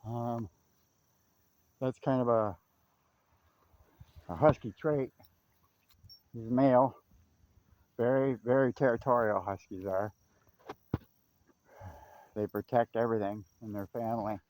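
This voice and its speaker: A man's voice: mid-range voice, fairly even intonation, slow, pauses often, a little mellow, no room sound. A man vlogging casually while walking his dog along a river trail, chatting and calling to the dog. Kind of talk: casual outdoor walk-and-talk. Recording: faint outdoor noise.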